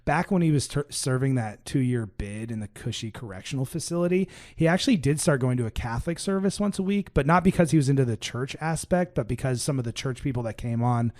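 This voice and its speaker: A man's voice: mid-range voice, fairly quick, few pauses. A man co-hosting a podcast, telling a true crime story in casual chat, acting out the people in it and often adding "like" and "right?". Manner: animated, acts out quoted voices, frequent "like" and "right?". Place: podcast recording.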